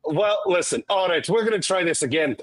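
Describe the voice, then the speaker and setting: A man's voice: high voice, lively intonation, a little fast, rough recording. A man hosting a film podcast, delivering a theatrical rhyming intro in a put-on Scottish accent and swearing freely. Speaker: podcast host. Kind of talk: playful podcast intro banter.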